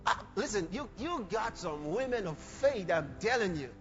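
A man preaching a sermon in an animated way, breaking into shouts and laughter. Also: sits high, moderate pace. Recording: dull lo-fi sermon recording with faint music.

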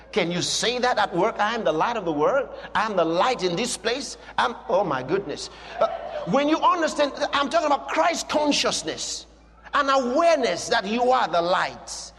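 A man preaching a sermon with emphatic, repetitive declarations that rise to shouting. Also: sits high. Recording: long hall reverb with faint music.

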